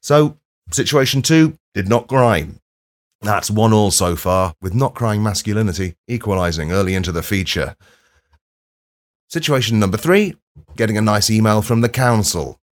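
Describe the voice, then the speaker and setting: A low-voiced man talks through a comic podcast monologue in a dry, self-deprecating way. He swears freely and breaks into sudden loud outbursts. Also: expressive, normal speed. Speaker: podcast host. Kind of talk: comedic monologue.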